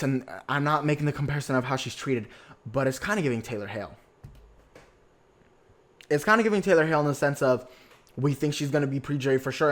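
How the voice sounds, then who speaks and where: A young man hosting a podcast, recapping a reality show in a sassy, excitable way with lots of slang and swearing. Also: fairly high pitch. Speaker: podcast host.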